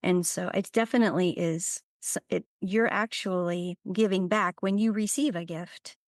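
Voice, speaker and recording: Reflective woman, a bit low. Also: steady tone, moderate pace, dry recording, clean studio sound. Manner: reflective, affirming. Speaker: podcast co-host. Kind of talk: casual conversation.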